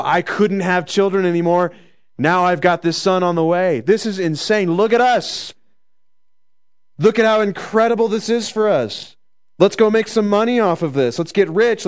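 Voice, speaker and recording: A man's voice: sits high, smooth, pitched above the performer's own voice, close to an everyday voice. A man putting on the voice of a giddy, boastful young pregnant woman, gushing and bragging.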